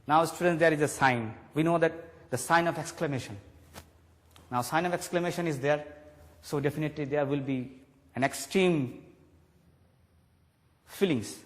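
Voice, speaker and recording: A man teaching a grammar lesson on television, slowly stressing key words for his students. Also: fairly high pitch, in a large hall. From Bangladesh.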